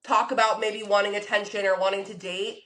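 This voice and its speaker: A woman's voice: medium pitch, level tone, a little fast, noisy background. A young woman co-hosting a casual podcast chat, telling a story animatedly and acting out the people she quotes. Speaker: podcast co-host.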